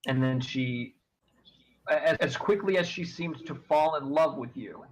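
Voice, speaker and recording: A man narrating as game master of a tabletop game, unhurried and descriptive, with some fillers. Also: medium pitch, poor audio.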